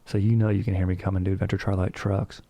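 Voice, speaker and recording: A man's voice: sits low, level tone, fast, warm tone. Hyped guy saying dude. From Orange County, California. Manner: hyped, slangy, says dude constantly, swears casually. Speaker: podcast host. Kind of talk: casual storytelling podcast.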